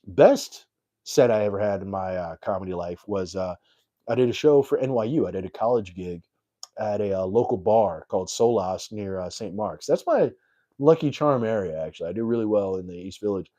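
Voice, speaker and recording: A man's voice: lowish voice, animated, brisk, mellow, dull audio. A young adult man, a comedian, telling a story on his live stream in a rambling, self-deprecating way full of fillers.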